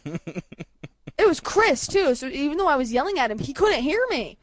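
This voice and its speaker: High-voiced giggly young woman on a call. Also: moderate pace, slight background noise. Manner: giggly, animated storyteller doing voices of friends. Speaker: podcast co-host. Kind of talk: casual chat over a call. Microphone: computer mic on an online call.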